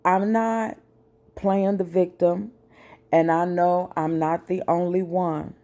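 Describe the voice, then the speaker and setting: A woman vlogger, speaking slowly and with feeling in a personal message to her viewers. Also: lowish voice, little pitch movement, warm tone. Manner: slow, deliberate, emotional.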